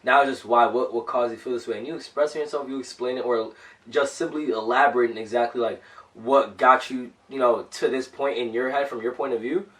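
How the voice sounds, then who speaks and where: A man's voice: mid-range voice, steady tone, brisk, fairly bright tone, distant mic, poor audio. A young man co-hosting a casual podcast, talking in long, earnest, slangy rambles. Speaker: podcast co-host.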